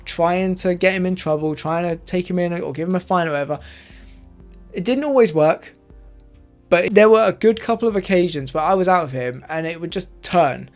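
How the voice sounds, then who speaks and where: Guy rambling through a story, lots of likes, soft music behind. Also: sits high, normal speed. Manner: rambling, many "like" fillers. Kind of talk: casual personal storytelling.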